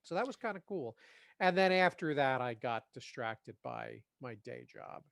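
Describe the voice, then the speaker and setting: A man's voice: medium pitch, lively intonation, moderate pace, vocal fry, a bit bright, clear, resonant tone, no room sound, studio quality. A man co-hosting a podcast in casual chat, talking in a hesitant, self-deprecating way. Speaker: podcast co-host.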